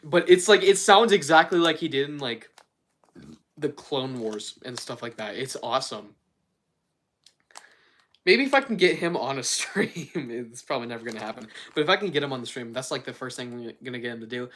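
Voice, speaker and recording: A young woman hosting a livestream, talking in a loose, rambling way with stumbles and giggles. Her voice sits unusually low but swings widely in pitch. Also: lively intonation, fairly quick, slight background noise. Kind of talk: casual chat.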